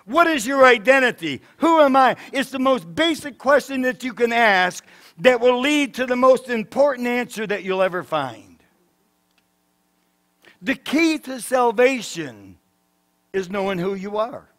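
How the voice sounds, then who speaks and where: A man, a pastor, preaching a sermon in church, swinging between loud emphatic declarations and soft, low asides. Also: animated, a little slow. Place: church sanctuary.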